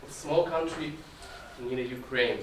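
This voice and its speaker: A man's voice: mid-range voice, measured pace, slight background noise. A man, giving an earnest informal talk to an audience and often restarting phrases. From Germany. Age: 20s. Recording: echoey room, distant mic, faint ambience.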